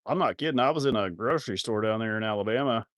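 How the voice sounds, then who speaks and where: A man's voice: lowish voice, fast talker, a bit bright, dry recording, studio quality. A man hosting a casual farm livestream, rambling and joking with viewers in a self-mocking way with crude words. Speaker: livestream host of a cattle farm channel. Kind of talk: casual live-stream chat reading viewer comments.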